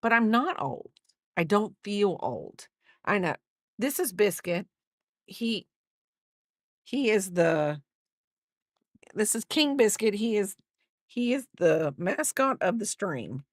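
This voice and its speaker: A woman's voice: mid-range voice, very animated, slow, long pauses, no room sound, clean studio sound. A woman in her fifties chatting casually while crocheting on a livestream, rambling and thinking aloud with lots of fillers. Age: 50s.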